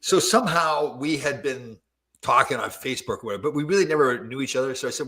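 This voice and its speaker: An older man hosts a relaxed podcast conversation, swapping stories with a friend. His voice has a bright, forward tone. He talks in an animated way and laughs easily. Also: medium pitch, fast talker. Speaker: podcast host. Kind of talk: casual chat.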